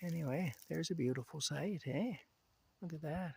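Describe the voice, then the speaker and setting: A man's voice: fairly high pitch, moderate pace, creaky, warm tone, a little hiss or hum. A man, chatting in a rambling, casual way outdoors in a rural yard at night and talking fondly to his cat. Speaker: vlogger.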